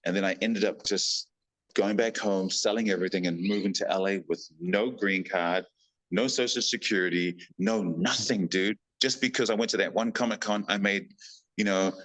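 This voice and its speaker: A man's voice: sits low, normal speed, poor audio. A man with a New Zealand accent, a podcast guest telling casual stories and acting out the people in them. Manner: animated, acts out quoted people in lively voices. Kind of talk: casual storytelling.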